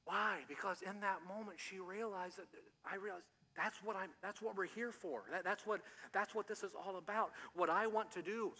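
Male pastor, sermon, chatty storytelling, repeats words, slightly high voice, long church reverb. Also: fairly even intonation, moderate pace, pushed and bright. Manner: conversational storytelling, asks the congregation questions, stumbles and repeats words. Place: church sanctuary.

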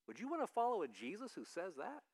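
Animated high-voiced male pastor preaching. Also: fast talker. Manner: animated, acts out quoted voices. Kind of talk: conversational sermon.

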